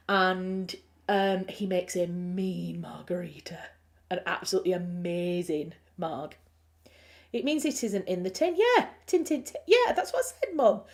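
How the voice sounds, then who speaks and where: A woman's voice: lowish voice, a little mellow. A woman with a Yorkshire accent, a writer hosting a livestream, chatting casually and rambling as she reads out comments, laughing often. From Yorkshire, England.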